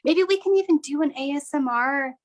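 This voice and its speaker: A woman's voice: high voice, fairly quick, rough recording. A woman hosting a live online craft workshop, chatty, upbeat and encouraging as she walks people through each step. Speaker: workshop host.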